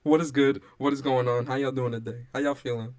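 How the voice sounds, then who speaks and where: A young man hosting a gaming podcast livestream, talking casually with slang, bursts of laughter and loud shout-outs to viewers, on a desktop mic at home. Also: medium pitch, fairly even intonation, a little fast. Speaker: podcast host. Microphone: desktop streaming mic.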